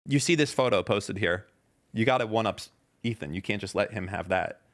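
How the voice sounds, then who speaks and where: A man's voice: on the low side, a little fast, fairly bright tone. A man in his thirties hosting a podcast, reading tweets aloud and mocking them in casual, sarcastic chat.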